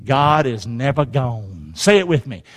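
A male pastor preaching a sermon, calling on the congregation to repeat after him and swinging between hushed words and shouts. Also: medium pitch, very animated, a little slow. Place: church sanctuary. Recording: long hall reverb.

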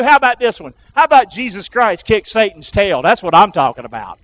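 A high-voiced man preaches in an animated, call-and-response style. His sound is dry and a little dull, with no room around it. He pushes the congregation to say lines back to him. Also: a little fast, hardly any pauses, dry recording. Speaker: pastor. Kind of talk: sermon.

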